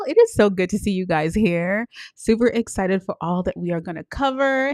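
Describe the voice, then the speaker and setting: A bubbly woman hosts a live stream, greeting viewers in sing-song swoops and laughing easily. Her voice sits at a middle pitch. The sound is dry and close, with no room echo. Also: expressive, normal speed, few pauses, a little mellow. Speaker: livestream host and coach. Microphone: live-stream setup.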